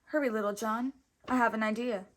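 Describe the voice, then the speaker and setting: A bold, clever young male outlaw speaks eagerly and quickly, as a woman voices him while reading a storybook aloud. He sounds confident and ready for mischief. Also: fairly high pitch, fairly even intonation, slight background noise, close to an everyday voice. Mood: explaining.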